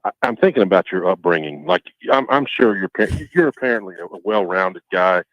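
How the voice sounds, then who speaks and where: A man's voice: deep voice, lively intonation, brisk, no echo, muffled recording. A man co-hosting a sports talk show in a mock-formal, sarcastic manner. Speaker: co-host. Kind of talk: casual sports chat.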